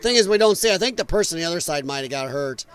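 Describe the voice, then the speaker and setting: A man's voice: on the high side, expressive, racing, fairly bright tone, clean tone. A man hosting a political podcast, giving blunt, indignant commentary and swearing freely. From United States. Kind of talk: opinionated livestream commentary.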